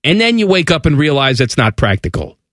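A man's voice: a little high, sing-song, fairly quick, fairly bright tone, no room sound. A man co-hosting a sports radio show in casual banter, sarcastic and incredulous, close on a studio mic.

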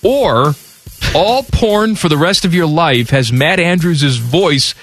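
A man's voice: on the high side, expressive, slow, fairly bright tone, faint music behind. A man co-hosting a radio show, reading listener questions aloud and teasing his partner in casual banter.

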